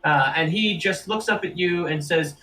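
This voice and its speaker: A man running a tabletop game as game master, narrating casually with many pauses and fillers. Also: fairly high pitch, sharp tone, rough recording.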